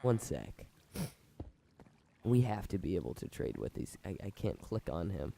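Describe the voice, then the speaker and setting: Excitable sick man narrating gameplay. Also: mid-range voice, moderate pace, creaky. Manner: excitable, rambling, explains as he builds. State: sick with a fever, sore when talking. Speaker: video game commentator. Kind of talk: let's-play gameplay commentary.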